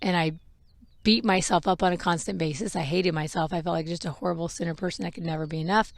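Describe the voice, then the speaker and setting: A woman's voice: on the low side, steady tone, quick pace, vocal fry, no echo. A mother hosting a podcast, telling a personal story in a frank, emotional way with laughs and the odd swear. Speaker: podcast host.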